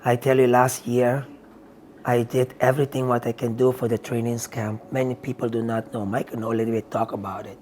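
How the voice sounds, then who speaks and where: A kung fu coach telling an animated story in non-native, broken English, laughing often as he talks. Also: medium pitch, fairly quick, slight background noise. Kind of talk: animated storytelling in a sit-down talk.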